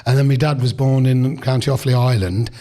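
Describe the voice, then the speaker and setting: An Englishman in his sixties, appearing as a podcast guest, speaks in a warm, mid-range voice at a quick pace. He tells rambling family stories in a chatty, casual way, full of restarts and asides.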